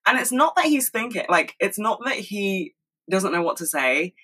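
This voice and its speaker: A young woman talking fast and rambling in a casual monologue at home, swearing freely. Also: medium pitch, very animated, a bit bright, slightly rough, poor audio. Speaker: solo podcast host.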